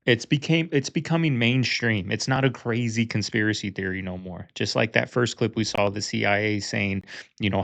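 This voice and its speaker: A man with a gravelly, lowish voice rambles through theories in loose, casual podcast chat. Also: fairly bright tone, dry recording. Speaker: co-host reacting to clips.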